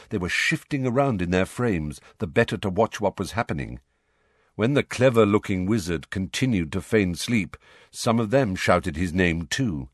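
A man's voice: low voice, dry recording. A man narrating a fantasy novel as an audiobook reader. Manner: lively storytelling, dry close reading. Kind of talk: scripted narration.

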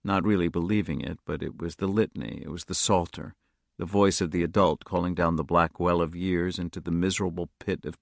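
A man narrating a novel in a steady, measured audiobook reading, close to the mic. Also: sits low, gravelly, dry recording. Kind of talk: scripted narration.

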